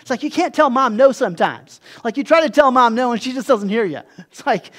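A pastor with a high-pitched voice preaches in a relaxed, conversational style. He slips into quick, animated asides, acting out the voices of people he quotes.

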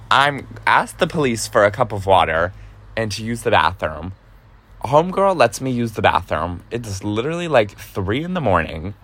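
A man in his twenties casually telling a personal story, animated, full of fillers and swearing, acting out what people said. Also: on the low side, normal speed. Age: 20s. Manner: animated, lots of fillers and swearing, acts out quotes. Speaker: vlogger.

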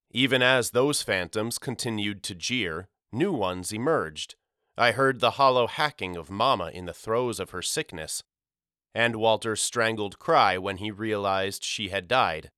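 A man reads a novel in first person, measured and somber. His voice is lowish yet bright and smooth. It is recorded dry and close to the mic. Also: dry recording. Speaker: audiobook narrator. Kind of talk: scripted first-person narration.

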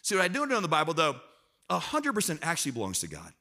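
Guest preacher, a man with a somewhat high, bright voice, joking with the congregation and calling for answers. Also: very fast. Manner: lively, self-deprecating, talks to the crowd and prompts responses. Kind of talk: sermon to a church congregation. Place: church auditorium.

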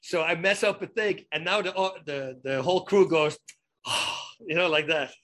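A man with a fairly high, forceful and bright voice chats as an interview guest. He tells anecdotes with plenty of restarts and emphatic asides, in a relaxed, conversational way. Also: normal speed. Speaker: guest, former fighter turned actor. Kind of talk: casual storytelling interview.

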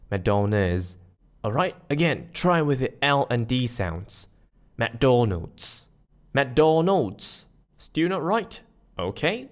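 Male solo podcast host from Malaysia, mid-range pitch, scripted and playful with self-mocking jokes.

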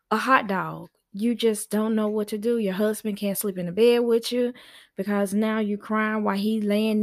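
A woman hosting a podcast from her office, talking casually and reassuringly to her listeners and often laughing as she goes. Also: mid-range voice. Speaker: podcast host and parenting coach.

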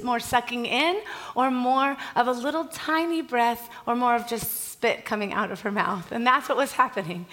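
A woman with a high, bright-pitched voice delivers a sermon. She tells stories tenderly and with feeling, repeating phrases for emphasis. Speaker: pastor.

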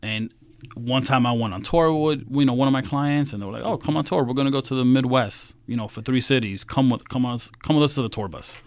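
A man's voice: medium pitch, a little fast. A middle-aged man from Queens, a financial advisor telling stories in a casual interview and acting out the quotes. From Queens, New York. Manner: animated, acts out quotes.

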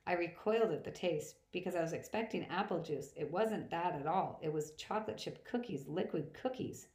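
A woman reading first-person novel narration aloud in a plain, steady manner. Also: fairly low pitch, normal speed. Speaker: audiobook reader. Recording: roomy echo.

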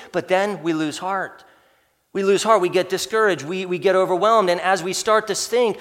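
A man's voice: high-pitched, a bit bright. A man preaching a sermon as pastor, talking conversationally and often addressing listeners as folks. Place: church sanctuary. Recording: long hall reverb.

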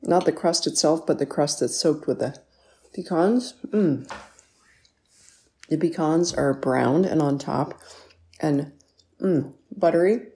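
A woman's voice: low-pitched, takes it slowly, pauses often, dark tone. A woman hosting a casual home baking vlog in her kitchen, chatty and enthusiastic, with lots of ums and appreciative mms. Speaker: baking show host.

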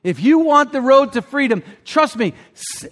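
A male pastor preaching a sermon with passion, climbing to emphatic peaks and then dropping low and quiet. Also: expressive, normal speed, long reverb tail.

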